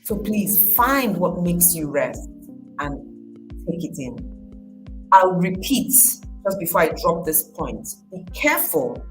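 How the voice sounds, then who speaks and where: A woman's voice: on the low side, sing-song, slow, faint music behind, poor audio. A woman giving a casual motivational talk, speaking conversationally, repeating her phrases and acting out quoted voices.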